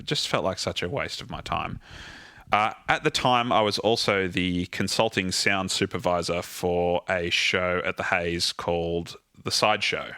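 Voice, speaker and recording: A man, a theatre musical director, telling animated anecdotes as a guest in a casual interview and swearing freely. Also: sits low, no echo, studio quality.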